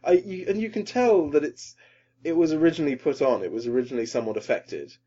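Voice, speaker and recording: A man co-hosting a casual comedy podcast, grumbling animatedly and jumping into loud mock voices. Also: a little high, fast talker, slightly rough. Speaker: podcast co-host. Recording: dull lo-fi podcast audio.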